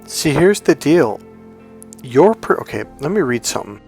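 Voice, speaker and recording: A man's voice: fairly high pitch, big pitch swings, normal speed, gravelly, darkish tone, faint music behind. A man, a self-help coach and hypnotherapist, talking casually to camera and telling a rambling story in which he acts out the lines of the people in it.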